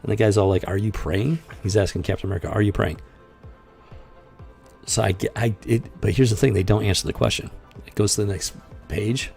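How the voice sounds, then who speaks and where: A man's voice: fairly low pitch, fairly even intonation, fast, vocal fry, a little mellow, faint music behind. A man hosting a comics review show, reading panels aloud and commenting in a sarcastic, exasperated, rambling way.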